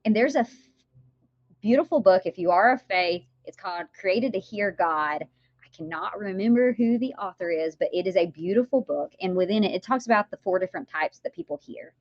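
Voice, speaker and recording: A woman being interviewed, who tells her story with lively energy and often breaks into laughter. Her voice sits at a middle pitch. The recording is dull and a little lo-fi, with a dry, close sound. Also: brisk, no echo. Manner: animated storytelling with laughs and acted quotes. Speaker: guest, author. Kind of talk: podcast interview.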